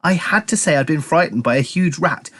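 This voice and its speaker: A man's voice: fairly high pitch, lively intonation, a little fast, fairly bright tone, voice pushed up. A man voicing a bossy, theatrical girl who loves adventure stories, in a storybook reading.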